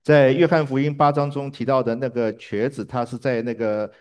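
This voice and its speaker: A man's voice: medium pitch, flat delivery, a little fast, darkish tone, clear, resonant tone. A man interpreting a sermon live, hesitating with fillers and restarts.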